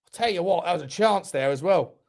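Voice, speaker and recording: A young man hosting a live football watchalong, calling the match play by play for his viewers and shouting and swearing when the action heats up. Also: high voice, brisk. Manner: excitable, shouts at big moments, swears; talks to viewers directly. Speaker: fan channel host.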